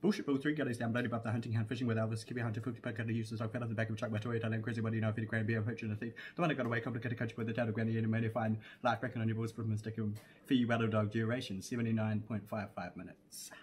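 A man reciting song lists at top speed as a rapid-fire reading challenge. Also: on the low side, little pitch movement, darkish tone. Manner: rattles off lists at great speed, laughs. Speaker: guest reciting fast.

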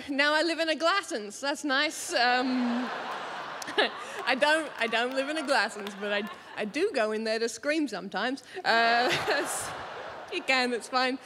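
A woman with an Australian accent performing stand-up comedy in a theatre, animated and jumping up into high exclamations. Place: large theatre stage with live audience. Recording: reverberant theatre, faint background noise.

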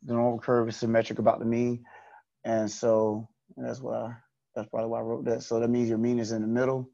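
Guy teaching a class online, gravelly voice, kinda monotone, walks thru it step by step. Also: mid-range voice, a little fast, highs cut off. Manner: explains step by step, repeating key points. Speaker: statistics teacher.

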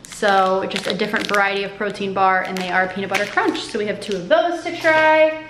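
A woman's voice: mid-range voice, a little fast, roomy sound, background noise. A woman chatting casually to camera at home for her vlog, upbeat and rambling. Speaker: vlogger. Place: home indoors.

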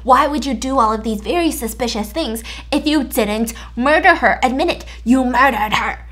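A woman's voice: a little high, a bit bright, lightly acted. A woman voicing an angry male detective firing accusing questions at a suspect. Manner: accusing, rapid-fire questions.

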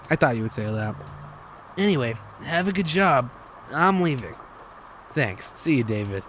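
A young man streaming gameplay commentary, excitable and joking, swearing freely. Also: mid-range voice, moderate pace, pauses often, slight background noise.

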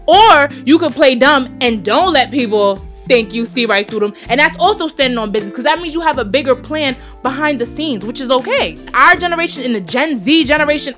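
A woman's voice: high voice, expressive, a little fast, few pauses, a bit bright, soft background music. A woman in her twenties with a New York accent, hosting a podcast and giving a blunt, profane, fired-up motivational talk. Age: 20s. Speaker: podcast host.

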